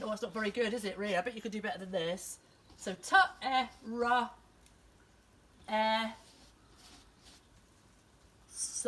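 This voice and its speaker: A woman leading a lively outdoor nature lesson for young children in a small back garden, speaking straight to them in a sing-song way. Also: fairly high pitch, a little hiss or hum. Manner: animated, sing-song, talks directly to kids.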